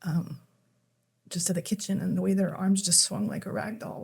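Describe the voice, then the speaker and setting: A middle-aged woman telling a painful personal story on a podcast, emotional and halting, often restarting her sentences. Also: medium pitch, fairly even intonation, creaky, a little mellow, slightly rough. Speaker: podcast guest. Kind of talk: conversational podcast.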